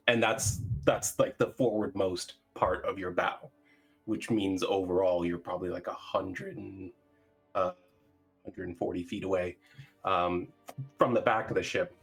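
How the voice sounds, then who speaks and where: A man with a low, husky voice narrates a tabletop game as dungeon master. He's halting, often searching for words and leaning on many fillers.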